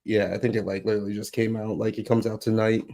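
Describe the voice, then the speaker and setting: Low-voiced Southern man, co-host. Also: little pitch movement, fast talker, creaky, dark tone. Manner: reads news aloud, thoughtful, defends opinions. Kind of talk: casual podcast chat.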